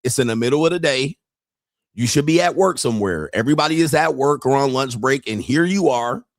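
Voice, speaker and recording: A man's voice: medium pitch, animated, a little fast, dry recording. A man talks, riffing over clips he is watching. He is blunt and profane, mocking and laughing as he goes, with a mid-range voice. The sound is dry and close, with no room around it. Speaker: streamer reacting to pickup videos. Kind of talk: casual reaction commentary.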